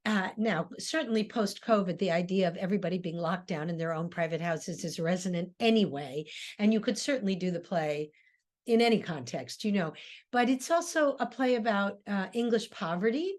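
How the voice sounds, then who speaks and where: An older woman, a theater director, giving an informal classroom lecture with many fillers and restarts, acting out quoted lines with sudden pitch jumps. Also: moderate pace, a little mellow. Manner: thoughtful, with frequent fillers and restarts.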